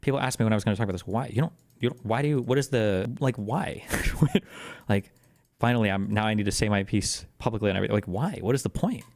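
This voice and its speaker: A man doing livestream commentary, rapid, rambling and incredulous as he reacts. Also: lowish voice, vocal fry, darkish tone.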